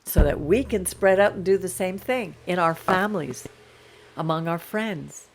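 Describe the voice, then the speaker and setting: An earnest woman leading a casual Bible study over a video call. Her voice sits a little low, and she talks in an encouraging, preaching way. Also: vocal fry. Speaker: Torah class host.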